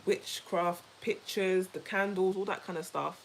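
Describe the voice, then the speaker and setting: A woman co-hosting a casual chat, telling a story in an animated, emphatic way, repeating herself and laughing easily. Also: medium pitch, unhurried, slight background noise, poor audio. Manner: laughs easily while talking. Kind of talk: casual chat with a co-host and viewers.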